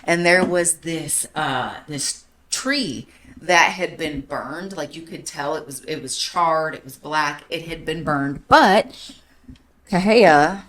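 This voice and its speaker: A woman's voice: low voice, slow pace, a bit bright. A woman in her thirties hosting a podcast, telling a story casually and animatedly, laughing and swearing freely. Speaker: podcast host.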